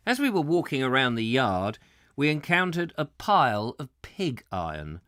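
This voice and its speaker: A man's voice: mid-range voice, wildly swooping pitch, normal speed, fairly bright tone, no room sound, studio quality. A man reading an old travel book aloud on a live stream, with chatty asides and corrections.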